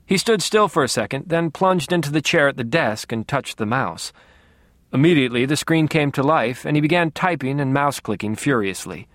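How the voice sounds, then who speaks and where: A man's voice: on the high side, animated, fairly quick, a bit bright, dry recording. A man narrating a first-person audiobook in a dry, wry manner.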